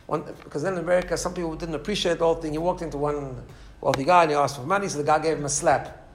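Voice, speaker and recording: Rabbi giving an informal class, quick and animated, voice pitched a little high, a small live audience in the room. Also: male voice, a little hiss or hum. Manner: animated storyteller, many restarts and asides. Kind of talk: informal Torah class talk.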